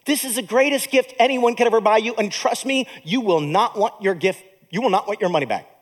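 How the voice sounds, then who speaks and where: A man preaching a sermon as a pastor in a church, with animated delivery and joking asides to the congregation. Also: high-pitched, fairly quick.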